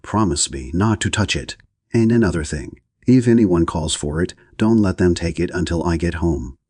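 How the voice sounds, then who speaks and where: A man's voice: low-pitched, moderate pace, a little mellow, slightly rough, dry recording, studio quality. A man voicing an anxious bookseller who insists and repeats himself on the telephone. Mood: urgent. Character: urgent, anxious male bookseller on phone.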